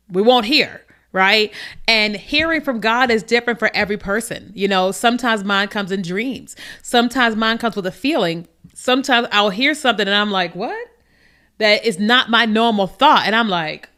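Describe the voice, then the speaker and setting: A woman's voice: mid-range voice, fairly bright tone. A woman hosting a faith podcast, talking casually to viewers and acting out little back-and-forth dialogues. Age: adult. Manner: conversational, repeats "you know what I mean", acts out little dialogues. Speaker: podcast host. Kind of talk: casual faith talk to camera.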